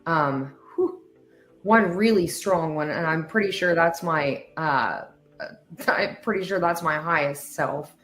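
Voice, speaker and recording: A woman hosting a talk show, speaking earnestly and emotionally with many pauses and fillers. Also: low voice, fairly bright tone, soft background music. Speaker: host. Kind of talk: heartfelt casual talk show chat.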